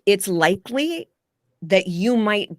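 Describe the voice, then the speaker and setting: A woman life coach explaining ideas in a casual, animated podcast interview, with occasional swearing. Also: mid-range voice, slow pace, no room sound, studio quality. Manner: animated, explanatory, acts out quoted people.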